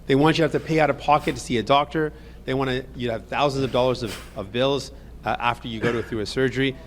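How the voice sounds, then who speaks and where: A man who is a politician speaks quickly in a played interview clip. He repeats stock lines over a faint ambient hiss. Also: medium pitch, fairly even intonation. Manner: repetitive, evasive, rehearsed. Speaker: politician in a press scrum. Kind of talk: scripted talking points.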